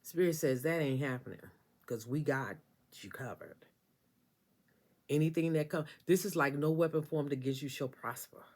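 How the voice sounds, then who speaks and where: In a deep, darkish voice at normal speed, a woman delivers a casual tarot reading directly to the listener. She's sassy and emphatic, driving her points home by repeating phrases.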